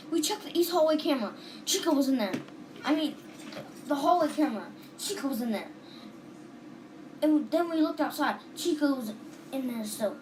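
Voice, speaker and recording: A woman's voice: high-pitched, background noise. A woman casually retelling a dream, rambling and restarting with lots of "and then", on a home recording. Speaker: storyteller.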